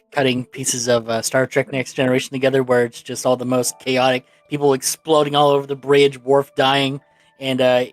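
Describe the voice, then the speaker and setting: A man playing in an online tabletop game, joking in a deadpan way between turns. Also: medium pitch. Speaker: player.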